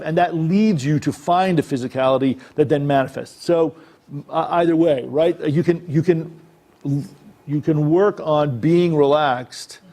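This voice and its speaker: A man's voice: fairly high pitch, warm tone. A man giving a talk on acting, speaking conversationally and checking in with his listeners. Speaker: acting coach. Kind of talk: workshop talk. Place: presentation room.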